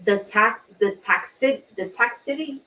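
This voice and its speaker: A woman hosting a talk show, sharing a personal story in an earnest way, repeating key words and often clearing her throat. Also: on the high side, unhurried, bright, forceful tone. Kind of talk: personal testimony in a panel talk. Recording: distant mic.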